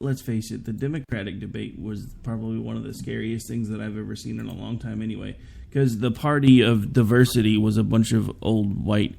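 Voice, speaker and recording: Hosting a political talk show, this man speaks in a fairly low, gravelly, darkish voice. The podcast host keeps it conversational, serving up strong opinions and sarcastic side comments.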